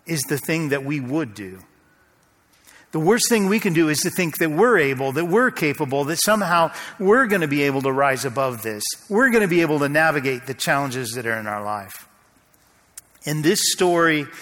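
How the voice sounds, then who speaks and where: A man preaching a sermon, telling a story and slowing to a hush at the tense moments. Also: fairly high pitch. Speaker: pastor. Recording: long hall reverb.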